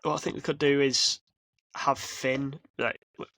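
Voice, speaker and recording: A man co-hosting a casual podcast, talking excitedly and rambling with frequent restarts. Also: mid-range voice, measured pace, no room sound. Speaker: podcast co-host. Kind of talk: casual chat. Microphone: podcast mic.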